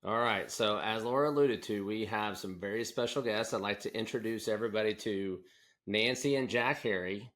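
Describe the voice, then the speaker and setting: A man's voice: fairly low pitch, normal speed, a bit bright. A man co-hosting a podcast, interviewing guests in a loose, conversational way, often restarting his sentences. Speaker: podcast co-host, doctor.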